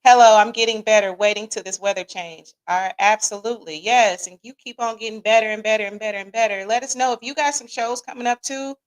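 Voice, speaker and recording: A woman with a Midwestern American accent hosting a podcast livestream, joking casually and talking back to viewers in the chat. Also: on the high side. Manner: lively, joking, talks to the chat. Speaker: podcast host reading live chat.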